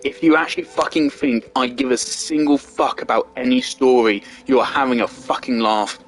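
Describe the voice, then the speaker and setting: A man's voice: medium pitch, fairly even intonation, normal speed, slight background noise. A young man giving angry gameplay commentary, ranting and swearing heavily. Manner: furious ranting, heavy swearing. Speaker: gaming video creator.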